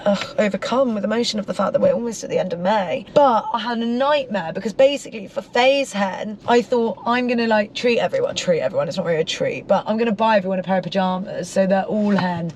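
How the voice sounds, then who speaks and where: A young woman with a London accent, co-hosting a casual chat while driving and telling animated stories full of acted-out quotes. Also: mid-range voice, quick pace, few pauses, a little hiss or hum. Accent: London English. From England. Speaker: co-host. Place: inside a car.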